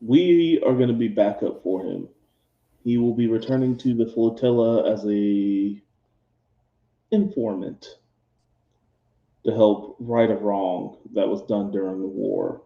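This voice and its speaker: A man playing a male squad commander who rallies and briefs his team with brisk orders. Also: on the low side, creaky, echoey room, dull audio. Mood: briefing.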